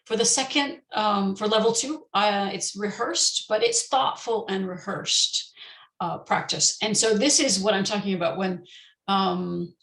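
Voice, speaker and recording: A woman's voice: medium pitch, a little slow, creaky, a bit bright, roomy sound. A woman teacher giving an online conference talk, explaining step by step with frequent ums and restarts.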